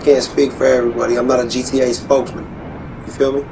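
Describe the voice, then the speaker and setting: A man's voice: medium pitch, little pitch movement, quick pace, creaky, noisy background. Cocky trash-talking man, street slang. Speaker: gamer trash-talking over voice chat. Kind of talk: casual trash talk while gaming.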